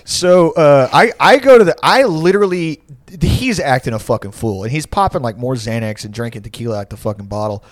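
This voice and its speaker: Lively, profane young man telling a story. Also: medium pitch, fairly quick, hardly any pauses, no room sound, clean studio sound. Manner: profane, rambling, laughs often. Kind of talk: casual storytelling.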